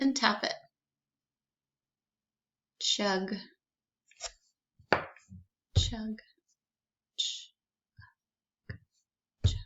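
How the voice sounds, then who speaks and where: Slow, bright-voiced woman teaching phonics. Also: fairly high pitch, lo-fi sound. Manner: slow, clear, encouraging, sounding out words letter by letter. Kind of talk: phonics lesson for young children.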